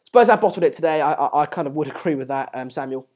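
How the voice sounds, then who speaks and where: A man's voice: fairly high pitch, expressive, quick pace, a little mellow. A man talks through a live match watchalong in a loose, rambling way. His talk is full of fillers and restarts. He keeps calling on viewers to subscribe between comments on the play. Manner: repeatedly urges viewers to subscribe. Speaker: live-stream host.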